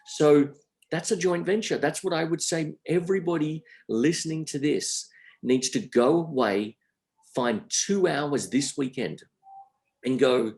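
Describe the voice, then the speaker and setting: This middle-aged Australian entrepreneur has a fairly high, creaky and slightly mellow voice and speaks unhurriedly as a podcast interview guest. He puts energy and emphasis into his words and tends to repeat his phrases.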